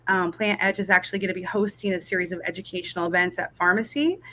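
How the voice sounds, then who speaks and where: A woman host reading a scripted introduction in a warm, enthusiastic way. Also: medium pitch.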